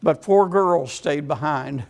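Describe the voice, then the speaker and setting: Man, pulpit storyteller, high and gravelly, amen-heavy sermon delivery. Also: expressive, slow pace, a little mellow. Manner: storytelling with frequent amens, acting out quoted voices. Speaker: preacher. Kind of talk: sermon testimony.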